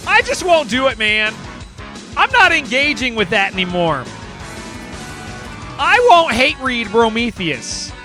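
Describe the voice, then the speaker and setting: Excitable high-voiced male streamer. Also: unhurried, long pauses, soft background music. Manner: excitable, rambling, says "man" and "dude" often. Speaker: game streamer. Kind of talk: casual livestream chat with viewers.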